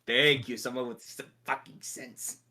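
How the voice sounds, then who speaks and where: A man's voice: mid-range voice, fairly even intonation, unhurried, pushed and bright. A man playing in a tabletop game who swears a lot and laughs easily. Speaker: player.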